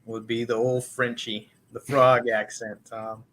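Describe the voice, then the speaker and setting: A man's voice: medium pitch, flat delivery, measured pace, a bit bright. A man co-hosting a casual comedy podcast, joking around and slipping into silly impressions. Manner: jokey, slips into silly impressions. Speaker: podcast co-host.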